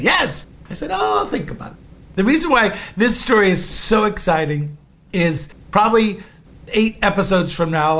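A middle-aged man from Cape Cod, telling a personal story in a casual monologue and acting out the other people's voices. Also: on the high side. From Cape Cod, Massachusetts. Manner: animated, acts out voices and sounds in his story.

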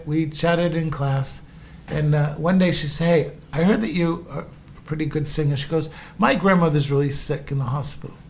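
Middle-aged man, lively storyteller who acts out his characters, slightly higher voice. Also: slight background noise. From Cape Cod, Massachusetts. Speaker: host telling a personal story. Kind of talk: casual storytelling monologue.

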